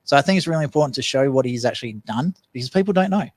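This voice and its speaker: Earnest radio co-host. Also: male voice, medium pitch, animated, very fast, a little mellow, no room sound. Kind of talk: casual radio chat.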